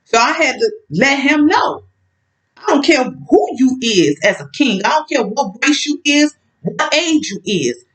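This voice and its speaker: A woman's voice: high voice, big pitch swings, measured pace, a bit bright, poor audio. A woman telling a personal story in a casual vlog, outspoken and emphatic, talking straight at an absent ex-partner.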